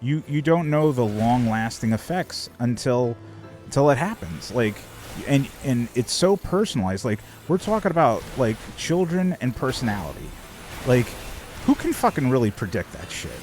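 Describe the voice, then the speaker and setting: A man's voice: mid-range voice, very animated, normal speed, darkish tone, faint music behind. A man chatting casually on a live stream, rambling and swearing, with many fillers.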